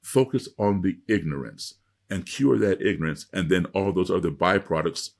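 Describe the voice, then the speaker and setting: A man's voice: low voice, normal speed, vocal fry. A middle-aged man telling a story in an interview, lecturing with emphatic repetition. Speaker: guest speaker.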